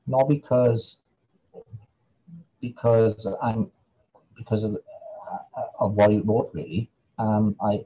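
A man's voice: on the low side, mellow, slightly rough, highs cut off. A man with a Welsh Valleys accent, an author answering interview questions in a hesitant way, with lots of fillers and repeated words. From Wales. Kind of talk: casual interview chat.

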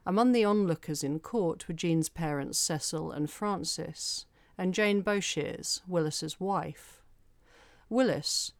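A woman narrates a true-crime case in a measured, steady telling, her voice sitting a little low. She is recorded on a close mic in a dry, dead room. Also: no echo. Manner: measured, even storytelling with careful detail. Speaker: podcast host.

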